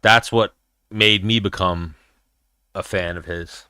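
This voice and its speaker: A man's voice: low-pitched, steady tone, slow pace, bright, forceful tone, smooth, no echo, studio quality. A man hosting a casual livestream chat while watching fights, blunt, profane and rambling. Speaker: podcast host.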